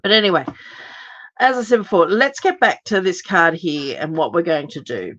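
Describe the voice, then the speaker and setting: A middle-aged woman hosts a live card-making demonstration. Her voice is a little hoarse as she recovers from losing it, and she explains each step in a chatty way with many ums. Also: on the low side, lively intonation, moderate pace, a bit bright, highs cut off. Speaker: crafting live-stream host.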